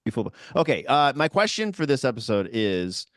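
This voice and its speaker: A man's voice: medium pitch, sing-song, a little fast, no room sound, clean studio sound. A man co-hosting a podcast in casual chat, easygoing and rambling with lots of filler words. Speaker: podcast co-host.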